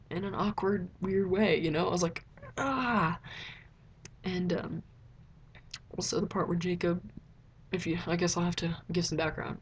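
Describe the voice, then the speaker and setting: A young woman chatting casually in a rambling vlog review, filling her talk with "like" and jumping up in pitch when excited. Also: slight background noise. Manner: chatty, rambling, heavy use of "like". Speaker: vlogger. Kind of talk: casual movie review chat.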